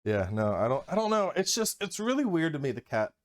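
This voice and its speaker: A male guest on a gaming podcast, talking casually and expressively, moving between mumbled asides and excited outbursts. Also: on the high side, a little fast, dry recording. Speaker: guest, gaming content creator.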